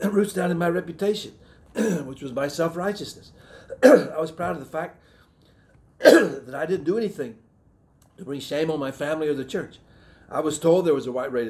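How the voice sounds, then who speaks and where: A middle-aged man with a Southern American accent, preaching a sermon in an earnest, reflective way, often restarting phrases and clearing his throat. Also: a little high, darkish tone.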